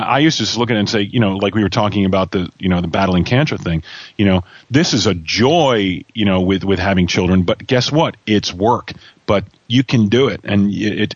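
A man's voice: on the low side, no room sound, highs cut off. A man hosting a casual chat, rambling along with lots of fillers and restarts. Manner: rambling, many "you know" fillers. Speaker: host.

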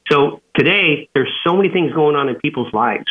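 A man's voice: a little high, expressive, normal speed. Man telling a story over a phone line. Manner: rambling, frequent fillers and restarts. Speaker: guest, author and entrepreneur. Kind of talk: storytelling in an interview. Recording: tinny phone-line audio.

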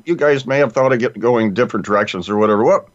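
Halting male co-host asking questions. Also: mid-range voice, muffled recording. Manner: halting, searching for words. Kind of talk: casual interview questions.

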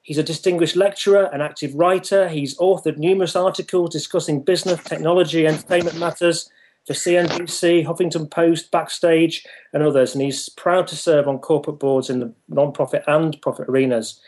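A man's voice: fairly high pitch, fairly even intonation, a little fast, slight background noise. Northern English male host, hesitant. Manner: warm, hesitant, many ums, laughs easily. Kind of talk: casual interview.

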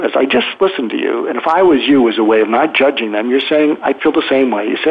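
This psychiatrist and podcast host talks through communication techniques in a thoughtful, conversational way, demonstrating example phrases and restarting often. His mid-range voice is gravelly with a breathy edge, animated and brisk, and it comes through with a phone-line sound.

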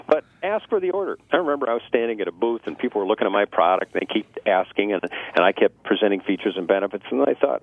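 A male sales trainer on a radio show giving sales tips in a lively way, acting out customer dialogue and laughing at his own jokes. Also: lowish voice, fast, gravelly, no echo. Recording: tinny phone-line radio audio, dry.

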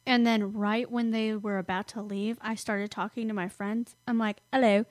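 A teenage girl co-hosting a relaxed podcast chat, teasing her friend and laughing easily. Her voice has an ordinary pitch for a girl. The recording is dry and close. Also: dry recording. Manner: chatty, teasing, quick to laugh. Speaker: podcast co-host. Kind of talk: casual chat.

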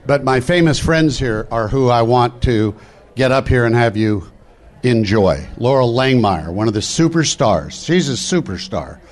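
Energetic middle-aged male motivational speaker. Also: medium pitch. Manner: energetic, preachy, rapid-fire. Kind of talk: live stage speech. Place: event hall.

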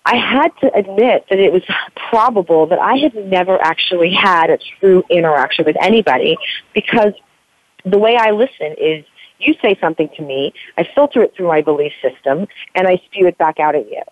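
A woman's voice: lowish voice, lively intonation, brisk, no echo. A woman in her forties, an author guest in a podcast interview, talking in an earnest, rambling way with many fillers. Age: 40s. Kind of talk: candid podcast interview talk. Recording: dry phone-line sound.

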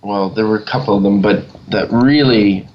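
A man with a fairly low voice leads a casual chat as a youth leader. He tells earnest stories in a halting way and often stops to search for words. The recording sounds dull and lo-fi.

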